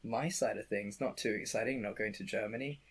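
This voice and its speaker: A young man co-hosting a podcast, chatty and excitable with lots of fillers. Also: lowish voice, fairly quick, breathy edge. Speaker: podcast co-host. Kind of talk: casual chat.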